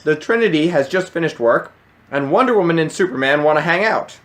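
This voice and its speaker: A man's voice: a little high, lively intonation, a little fast, a bit bright. A man co-hosting a podcast, recapping a cartoon episode plot in casual chat, dry and matter-of-fact. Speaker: podcast co-host.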